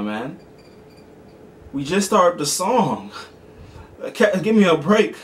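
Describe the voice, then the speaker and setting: A man from the United States hosting a reaction video, talking casually and excitably, full of "bro" and "man". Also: fairly high pitch, slow pace, pauses often, a little hiss or hum.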